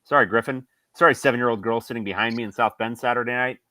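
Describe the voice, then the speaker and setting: A man's voice: medium pitch, fairly even intonation, quick pace, sharp tone, dry recording, lightly acted. A man voicing a whiny, exasperated male football fan reading out a rant.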